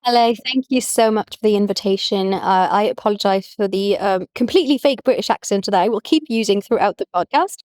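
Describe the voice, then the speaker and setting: A woman's voice: medium pitch, brisk, hardly any pauses, a little mellow, no echo, studio quality. A woman, a rabbi talking casually in an interview with lots of "like" fillers. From France. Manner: chatty, many "like" fillers. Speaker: rabbi, guest.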